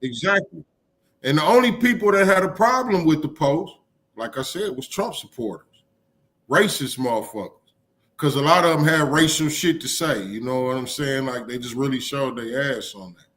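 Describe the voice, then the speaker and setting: A man's voice: medium pitch, lively intonation, moderate pace, fairly bright tone. A man co-hosting a casual live-stream chat, laid-back and rambling, with frequent swearing.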